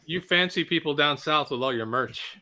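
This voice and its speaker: Bright-voiced older man chatting on a livestream. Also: on the high side, normal speed, a little hiss or hum. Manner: chatty, laughs easily. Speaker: host. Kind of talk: casual livestream chat.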